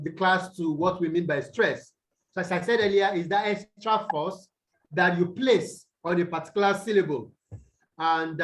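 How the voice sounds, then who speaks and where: Nigerian male teacher, higher-pitched voice, patient step-by-step explaining, online class audio. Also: poor audio. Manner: explains step by step, asks students to answer. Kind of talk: online English lesson over video call. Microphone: video call.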